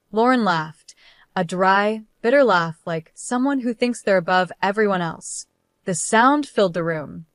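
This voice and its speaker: A woman's voice: mid-range voice, animated, normal speed, no echo. A woman telling a dramatic, emotional first-person story as its narrator.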